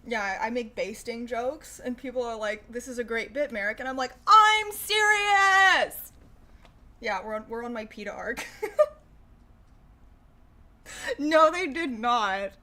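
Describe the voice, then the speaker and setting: A woman's voice: fairly high pitch, fairly even intonation, brisk, fairly bright tone. A young woman hosting a casual livestream, chatting sarcastically with lots of profanity and laughter. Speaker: livestream host. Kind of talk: casual livestream chat reacting to news.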